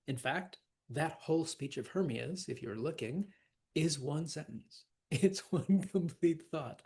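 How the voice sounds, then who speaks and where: A man teaching a class on verse, animated and laughing often, repeating words to stress them. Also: a little high, a little slow, husky. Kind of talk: classroom lecture.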